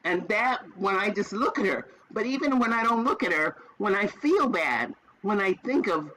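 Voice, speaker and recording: A woman's voice: medium pitch, expressive, moderate pace, hardly any pauses, fairly bright tone, low-quality recording. A woman in her seventies, guest on a podcast, telling heartfelt stories in an emphatic way and repeating phrases for effect. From American South. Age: 70s. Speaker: podcast guest, retired teacher. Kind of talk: heartfelt conversational storytelling.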